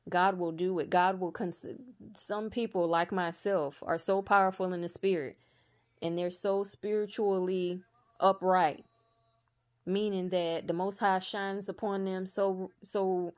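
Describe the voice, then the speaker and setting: Woman, lowish voice, spiritual vlog monologue, blunt, profane, preachy, slow and emphatic. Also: little pitch movement, a little mellow. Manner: slow emphatic delivery that builds to raised intensity. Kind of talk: casual spiritual monologue to camera.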